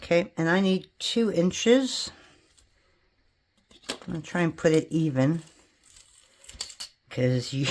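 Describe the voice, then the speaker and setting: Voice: mid-range voice, animated, slow pace, long pauses, a little hiss or hum. A polymer clay crafter in a home studio, casually thinking aloud and chatting to viewers while working.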